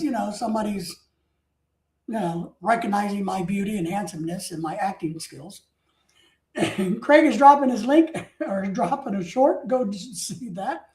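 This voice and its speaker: A talkative man with a high, very lively voice that swoops up and down as he rambles through stories. He drifts off topic and bursts into mock outrage. The sound is roomy and echoey. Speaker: streamer. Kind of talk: rambling casual storytelling. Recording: roomy echo.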